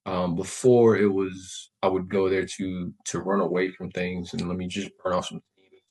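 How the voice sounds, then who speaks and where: Guest: veteran man, low flat voice, thoughtful and halting, candid interview talk. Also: breathy edge, poor audio. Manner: reflective, measured, with many fillers and restarts. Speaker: podcast guest, Marine veteran.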